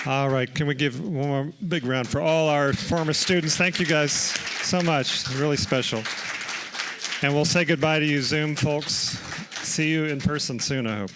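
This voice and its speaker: A man's voice: a little high, moderate pace, a crowd in the background, background noise. A man hosting a symposium, giving loose, upbeat closing remarks with fillers and restarts. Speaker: event host.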